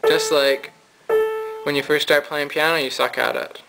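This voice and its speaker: A man teaching a casual piano lesson, talking in a relaxed, low-energy way as he thinks aloud while losing his voice. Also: moderate pace, creaky, rough recording. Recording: piano playing behind.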